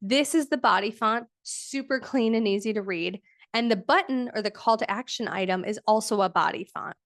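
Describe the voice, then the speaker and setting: A woman's voice: on the high side, normal speed, no room sound, studio quality. A woman teaching a live online design workshop, casual and chatty with lots of fillers like "um" and "like".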